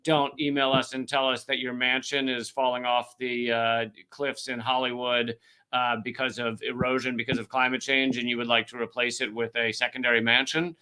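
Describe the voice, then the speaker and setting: Sarcastic man, bright and forceful. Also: mid-range voice, level tone, normal speed, smooth. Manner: sarcastic, swears freely. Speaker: comedian and show host. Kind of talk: casual livestream chat, comedic.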